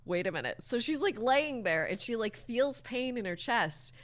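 A woman recaps a book's plot for a friend in a casual, rambling way, full of fillers and the occasional swear word. Her voice is fairly high and very animated, at a normal speed.

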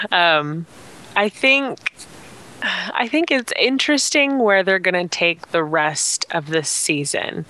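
A woman's voice: lowish voice, pushed and bright. A woman co-hosting a casual podcast, talking in a thoughtful, chatty way. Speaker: podcast co-host. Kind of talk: casual chat about TV episodes.

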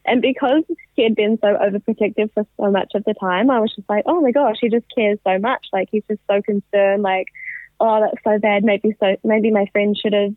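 A woman's voice: mid-range voice, fairly even intonation, brisk, dry recording. A young woman telling a personal story in a casual interview, chatty, laughing often and quoting others as she goes. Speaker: interview guest. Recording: tinny phone-line audio.

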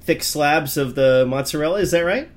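A man's voice: fairly high pitch, moderate pace. A man hosting a podcast in casual chat, laughing often and asking eager questions. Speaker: podcast host.

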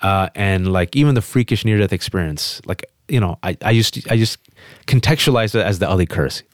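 A man as an interview guest, telling a personal story with emphatic, quick restarts. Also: lowish voice, dry recording, clean studio sound. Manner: emphatic, fast restarts, animated quotes. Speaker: guest on a podcast.

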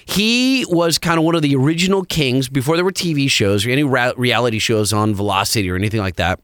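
A man co-hosting a podcast about trucks, animated and quick to react, in casual chat. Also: medium pitch, dry recording, clean studio sound. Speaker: podcast co-host.

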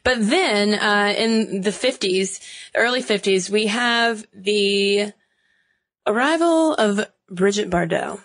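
A woman's voice: mid-range voice, slow, fairly bright tone. A young woman co-hosting a podcast, chatty and wry, laughing easily as she talks. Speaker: podcast co-host. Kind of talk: casual chat.

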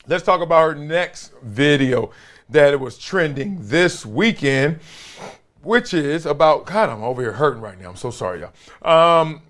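A man's voice: fairly high pitch, very animated, unhurried, a bit bright. A man from Compton hosting his own show, talking in a casual, joking monologue and laughing often. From Compton, Los Angeles. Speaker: show host.

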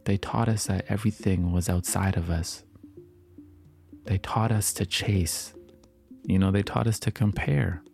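A man giving a calm, reflective motivational talk, repeating affirmations and sometimes dropping into a soft whisper. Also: low voice, measured pace, creaky, long pauses, soft background music. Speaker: motivational speaker.

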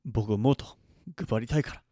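A man's voice: mid-range voice, fast, mellow, dry recording, studio quality. A man hosting a podcast, speaking heartfelt thanks with emotion and frequent hesitations. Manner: emotional, hesitant with many ums. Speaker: podcast host.

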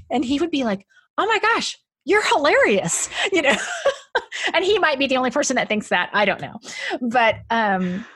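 A woman's voice: on the high side, husky, dry recording, studio quality. A woman talking as a podcast guest in a casual, chatty conversation, with lots of "like" fillers and frequent laughs.

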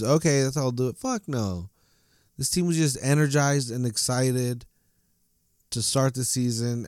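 A man's voice: mid-range voice, darkish tone, dry recording, studio quality. A man ranting angrily about his soccer team, swearing a lot and tripping over his words. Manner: angry, profane, stumbling ranting. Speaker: soccer fan commentator. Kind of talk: casual ranting monologue.

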